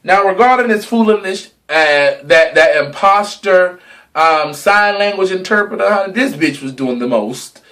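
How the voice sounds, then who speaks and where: A young man with a high voice delivers a sassy, dramatic rant to his viewers. He swears freely and draws words out slowly for emphasis. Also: lively intonation, sharp tone. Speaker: vlogger. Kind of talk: casual gossip monologue.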